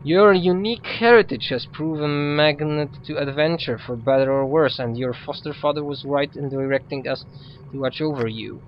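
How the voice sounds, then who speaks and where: A man's voice: fairly high pitch, moderate pace, highs cut off, a little hiss or hum, close to an everyday voice. A man who is not a native English speaker, reading a stern female druid's lines aloud in his own plain voice. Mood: steady. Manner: reads written dialogue aloud in a plain voice.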